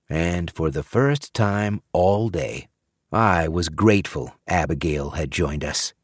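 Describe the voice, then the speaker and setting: A man narrating an audiobook thriller in a measured, wry tone. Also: low voice, no room sound. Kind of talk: scripted narration.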